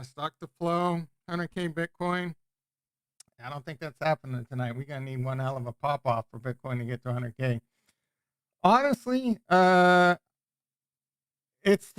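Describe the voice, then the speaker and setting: A man's voice: on the high side, expressive, moderate pace, clean tone, dry recording. A man hosting a casual livestream, chatting in a rambling way and often breaking off and restarting his sentences. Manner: rambling, self-interrupting, chatty. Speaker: crypto livestream host.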